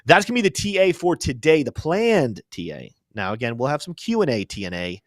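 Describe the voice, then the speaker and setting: A man's voice: fairly high pitch, very animated, brisk, dry recording, clean studio sound. A young man hosting a live crypto show, chatting casually through chart commentary with joking, self-deprecating asides.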